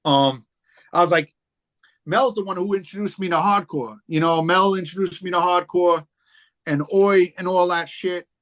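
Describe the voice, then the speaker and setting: A man tells stories in relaxed, profane chat. He rambles and circles back, with plenty of fillers between his thoughts. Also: sits high, normal speed. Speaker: podcast guest, rapper. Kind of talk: casual chat.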